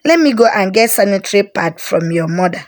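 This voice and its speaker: A woman voicing a caring aunt who gently comforts her niece in a told story. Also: medium pitch, lively intonation, brisk, close to an everyday voice. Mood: gentle. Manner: soothing, gentle.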